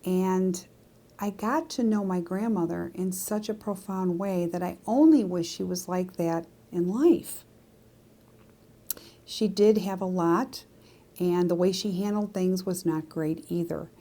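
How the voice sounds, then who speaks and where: A woman's voice: on the low side, measured pace, warm tone. A woman, a psychic medium, telling a personal story to her viewers in a chatty, confiding way with frequent asides. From Greek descent. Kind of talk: casual storytelling to camera.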